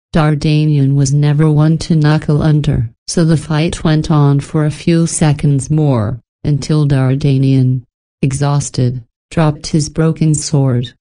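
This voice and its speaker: Brief: audiobook narrator, woman, low and mellow voice, even and measured. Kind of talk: scripted narration.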